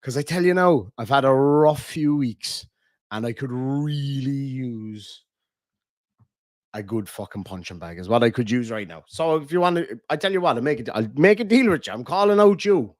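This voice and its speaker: A man's voice: mid-range voice, lively intonation, normal speed, dry recording, studio quality. A man with an Irish accent hosting a casual live stream, reading out viewer messages and ranting with lots of swearing. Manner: profane, ranting, reads viewer messages aloud.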